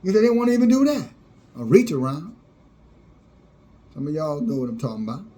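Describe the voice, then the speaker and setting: A man's voice: a little high, very animated, a little fast, mellow. A man preaching a fiery sermon, scornful and sarcastic, often laughing at those he criticizes.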